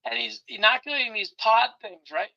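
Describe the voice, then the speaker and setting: Co-host, male, quick gravelly talker, bright tone, dull lo-fi audio. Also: extremely high pitch. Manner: excitable storyteller, laughs often, animated ranting. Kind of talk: casual chat.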